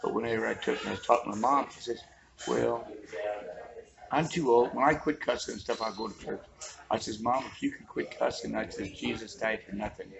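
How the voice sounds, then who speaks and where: A man in his fifties with a gravelly, creaky voice spins joking, folksy stories in a casual chat. A crowd murmurs steadily behind him. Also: lowish voice, fairly even intonation, fast talker, low-quality recording. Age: 50s. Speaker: interviewee. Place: roadside outdoors.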